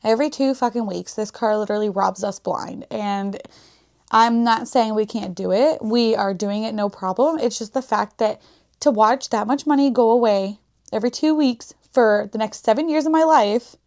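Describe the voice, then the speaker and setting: A woman's voice: on the high side, normal speed, a little mellow. A woman hosting a casual podcast, telling stories bluntly with a lot of swearing and quoted asides. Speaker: podcast host. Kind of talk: casual chat.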